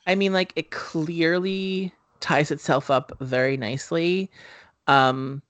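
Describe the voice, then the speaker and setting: A man's voice: fairly high pitch, fairly even intonation, takes it slowly, a bit bright, no room sound. A man co-hosting a casual movie-review podcast, talking in a loose, rambling way with lots of "um" fillers. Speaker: podcast co-host.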